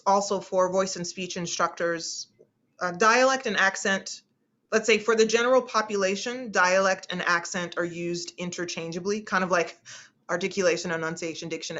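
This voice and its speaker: A woman's voice: mid-range voice, fairly bright tone, dull audio. A woman speech instructor from the United States, teaching an online class in a chatty way and often repeating her phrases.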